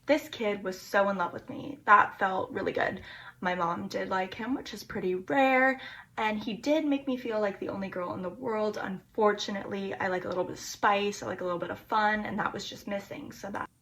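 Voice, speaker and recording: A woman's voice: mid-range voice, fairly even intonation, normal speed, fairly bright tone, slight background noise. A woman recapping her dating life in a casual vlog, chatty and flippant, poking fun at herself. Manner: chatty, flippant, self-mocking.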